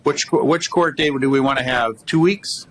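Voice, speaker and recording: A man presiding as judge, speaking in a measured, firm way and cutting in to keep order. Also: medium pitch, a little hiss or hum. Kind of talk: court proceedings. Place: courtroom.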